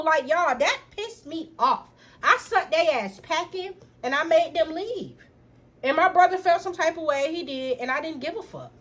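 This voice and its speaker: A young woman telling a personal story straight to camera in an animated, profane way, talking to her viewers as y'all. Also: very high voice, normal speed. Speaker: storytime vlogger. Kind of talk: casual storytime vlog.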